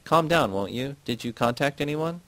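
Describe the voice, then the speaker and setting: A man voicing a calm, insistent woman friend in a read-aloud novel, speaking firmly and a little higher than his own voice. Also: moderate pace, no echo.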